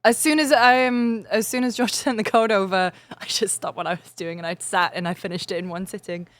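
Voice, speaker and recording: A woman from northeast England with a northeast English accent, chatting lively and quickly as a game reviewer on a panel. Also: medium pitch. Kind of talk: casual panel chat.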